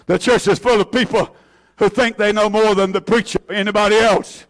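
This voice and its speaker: Fervent high-voiced male preacher. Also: steady tone, fairly quick. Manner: fervent, repeats phrases, many "uh" fillers; swings between shouting and hushed tones. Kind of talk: impassioned sermon. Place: church.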